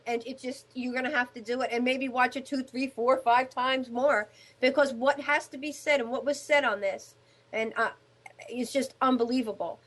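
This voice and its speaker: A woman host chatting enthusiastically, with a rambling, animated way of talking. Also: sits high. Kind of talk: casual chat.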